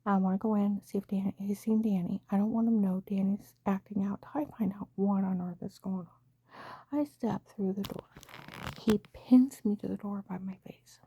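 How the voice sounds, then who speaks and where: Brief: middle-aged woman, warm breathy voice, raw emotional testimony, breathless and urgent. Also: mid-range voice, steady tone, moderate pace. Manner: emotional, breathless retelling with frequent quoted dialogue. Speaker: storyteller. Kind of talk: personal testimony.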